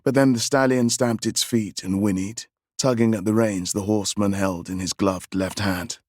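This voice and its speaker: Measured male audiobook narrator, dry sound. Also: lowish voice, no room sound. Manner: measured, even storytelling. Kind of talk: scripted narration.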